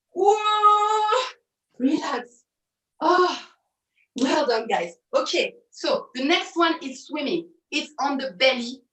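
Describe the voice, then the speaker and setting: A woman pilates instructor leading an online class, cueing moves and counting reps in an upbeat way, with quick self-correcting asides. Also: high-pitched, a bit bright. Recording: roomy audio from a distance.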